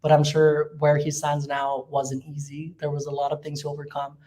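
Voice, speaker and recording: A man's voice: a little high, completely flat delivery, normal speed, warm tone. A young man co-hosting a student podcast, talking thoughtfully and searching for words. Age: young adult. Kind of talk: casual chat.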